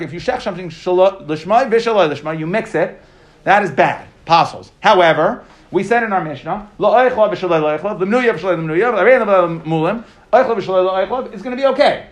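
Man, high voice, daily Talmud class, explains line by line. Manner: explains text line by line, translating and asking questions. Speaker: Talmud teacher.

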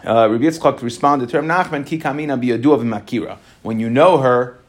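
A man leads a Talmud class at a mid-range pitch. He reads the text briskly and then unpacks it in loose, conversational English, checking in with "right?" and "okay" as he goes. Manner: reads Aramaic quickly, then explains in casual English with many "right?" and "okay". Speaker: Talmud teacher. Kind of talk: Talmud class, reading and explaining.

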